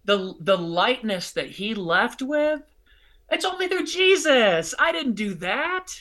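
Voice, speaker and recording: A middle-aged man telling a personal story in conversation, expressive and bursting into loud excited outbursts. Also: extremely high pitch, takes it slowly. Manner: expressive, swings into loud excited outbursts when acting out scenes. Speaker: guest, charity fundraising speaker.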